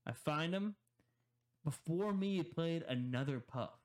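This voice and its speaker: A man's voice: on the high side, expressive, measured pace, a little mellow. A young man co-hosting a casual podcast, telling a story in a rambling way with many repeated words and laughs. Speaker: podcast co-host.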